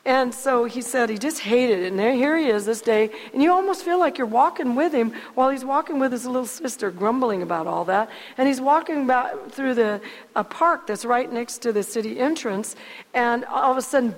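A woman in her sixties telling a story in a casual, rambling way, full of restarts and heartfelt asides. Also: high voice. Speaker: speaker sharing a story. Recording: long hall reverb.

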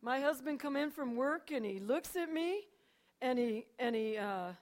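Older woman, church testimony, fairly high voice, animated storytelling, hushed to loud. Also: moderate pace. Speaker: church speaker. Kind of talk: personal testimony.

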